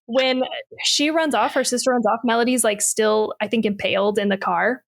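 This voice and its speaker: A woman's voice: on the high side, steady tone, normal speed, gravelly. Ranting sarcastic woman podcast co-host. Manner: ranting, sarcastic, swearing, laughs often. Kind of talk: casual chat.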